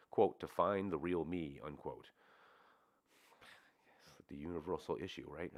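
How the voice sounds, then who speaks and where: A man reading a book aloud and adding informal commentary, sometimes correcting his slips. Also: low-pitched. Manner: informal asides, occasional self-corrections. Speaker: audiobook reader.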